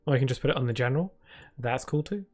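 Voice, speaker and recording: A man's voice: medium pitch, lively intonation, rapid-fire, darkish tone. A man streaming a video game, chatting casually and playfully with his viewers, full of filler words and restarts. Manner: chatty, playful, answers chat with many fillers. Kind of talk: casual live-stream chat. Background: game music.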